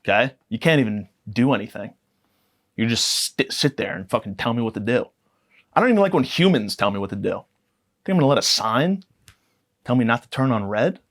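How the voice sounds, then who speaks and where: A man's voice: mid-range voice, sing-song, a little fast. Profane man ranting for laughs. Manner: profane, rambling, mock-outraged. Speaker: podcast guest. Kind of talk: comedic storytelling rant.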